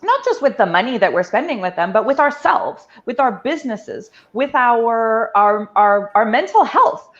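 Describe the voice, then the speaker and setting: A woman's voice: on the high side, sing-song, normal speed, few pauses, fairly bright tone. A woman speaking earnestly and emphatically in a casual conversation, swearing now and then for emphasis. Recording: dull lo-fi audio.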